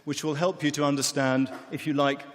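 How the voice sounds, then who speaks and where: A man giving a conference talk, relaxed and joking, with many fillers. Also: fairly high pitch, brisk. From England. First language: English. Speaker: wine expert, keynote speaker. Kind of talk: conference keynote with anecdotes. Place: conference hall. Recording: long reverb of a large hall.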